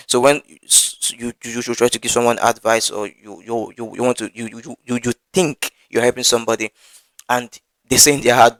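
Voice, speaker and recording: A man's voice: medium pitch, steady tone, fairly quick, fairly bright tone, no echo, low-quality recording. A man giving an earnest Bible teaching, often stammering and repeating his words as he works through his points. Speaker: preacher.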